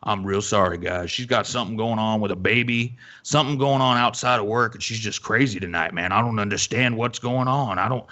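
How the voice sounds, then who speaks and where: A man's voice: lowish voice, fairly quick, few pauses, pushed and bright. A man voicing a surly diner cook who talks bluntly and defensively with plenty of cursing. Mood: grumbling.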